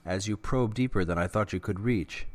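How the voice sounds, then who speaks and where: A man voicing a calm middle-aged male construct who guards memories and speaks in a measured, formal way. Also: on the low side, dry recording, natural voice. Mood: grave.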